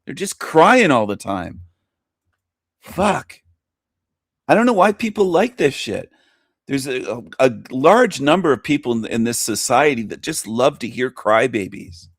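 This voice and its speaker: A man's voice: mid-range voice, sing-song, normal speed, dry recording. A man mocking a video he is reacting to, sarcastic and crude.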